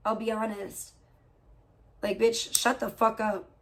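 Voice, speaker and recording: A woman's voice: a little high, little pitch movement, takes it slowly. A woman livestreamer in casual talk, profane and gossipy, venting at length about other streamers.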